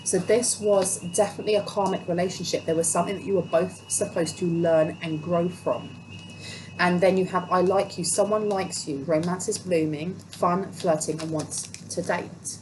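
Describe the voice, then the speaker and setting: A woman's voice: fairly low pitch, moderate pace. A woman giving a casual tarot reading, talking in a chatty, emphatic way and repeating phrases for stress. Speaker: tarot reader. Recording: steady background noise.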